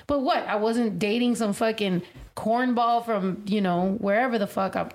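A woman's voice: medium pitch, moderate pace. A woman from San Diego telling stories in casual chat, swearing freely and acting out quotes. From San Diego, California. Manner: profane, animated storytelling with acted quotes.

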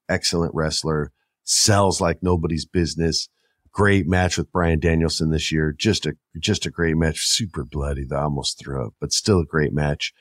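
A man's voice: low-pitched, no echo, clean studio sound. A man hosting a podcast in casual chat, rambling and talking straight to his listeners. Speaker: podcast host.

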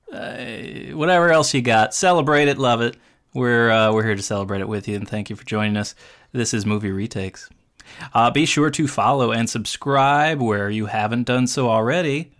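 A man's voice: medium pitch, fairly bright tone. A man hosting a podcast, joking and teasing in casual chat. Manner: jokey, teasing. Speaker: podcast host.

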